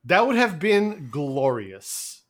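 Male co-host, high and bouncy voice, animated, joking. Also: slow pace. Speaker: podcast co-host. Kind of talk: casual chat.

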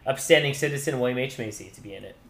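Fast-talking male podcast co-host. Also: mid-range voice, a bit bright. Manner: rapid, self-interrupting talk. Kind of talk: casual book-club chat.

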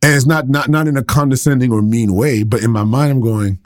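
A man's voice: medium pitch, a little fast. A man in his thirties, a pastor, teaching the Bible in a casual, conversational way, laughing often and poking fun at himself.

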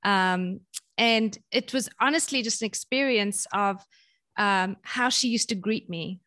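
A woman's voice: mid-range voice, a little slow. A woman from South Africa, a guest on a parenting podcast, talking casually and acting out little quoted voices as she tells stories. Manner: animated storytelling with quoted voices and repeated words.

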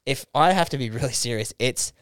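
A man's voice: medium pitch, brisk, no echo, clean studio sound. A young Australian man telling a long story on a casual podcast, swearing freely and quoting whole conversations. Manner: swearing, animated retelling with quoted dialogue. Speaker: podcast co-host.

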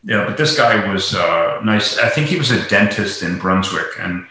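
A man's voice: low voice, expressive, moderate pace, pushed and bright. Rambling man in an echoey room. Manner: rambling, many fillers and restarts. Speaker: guest, golf professional. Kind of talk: casual interview talk.

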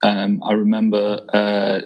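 Co-host, male, low husky voice, rambling casual delivery. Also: monotone, unhurried, muffled recording. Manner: rambling, swears, self-deprecating. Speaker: podcast co-host. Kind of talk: casual podcast chat.

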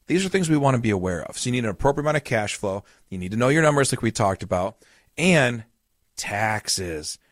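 A man's voice: medium pitch, sing-song, a little fast, dry recording, studio quality. A man hosting a podcast as a financial advisor, explaining with family stories and repeating key points for emphasis. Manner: earnest, explains with family anecdotes and acted-out quotes.

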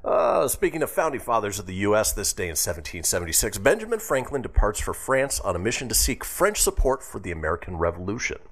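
A man's voice: on the low side, sing-song, fast, hardly any pauses. A man hosting a radio show, chatting casually and laughing as he reads out a history segment.

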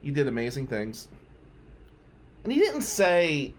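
A man's voice: fairly high pitch, huge pitch swings, measured pace, long pauses. A middle-aged man hosting a podcast, candidly telling a personal story with blunt, emphatic phrasing. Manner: candid, emphatic, with some swearing. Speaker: podcast host.

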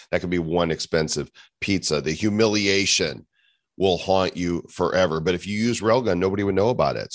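A man hosting a podcast, reading an energetic intro and trading puns. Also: low-pitched, no room sound, studio quality. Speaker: podcast host. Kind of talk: scripted intro and casual banter.

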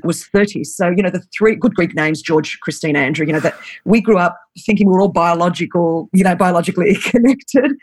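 A woman in her forties with an Australian accent, a guest telling a personal story with lively energy and frequent laughs. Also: on the low side. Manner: lively, animated storyteller who laughs often. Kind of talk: storytelling in an interview.

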